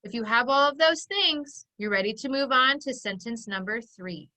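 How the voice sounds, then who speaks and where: A woman phonics teacher giving an online lesson, dictating sentences slowly and clearly for young children. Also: on the high side, expressive, sharp tone, rough recording. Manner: slow, clear dictation, stretching words out for children.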